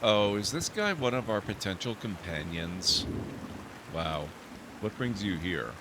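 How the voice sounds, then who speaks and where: A man's voice: on the low side, expressive, unhurried, noisy background. A man streaming a role-playing game, reading its narration aloud and adding dry asides. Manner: reads narration aloud steadily, then reacts with dry asides. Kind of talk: reading game text and casual commentary. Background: game music.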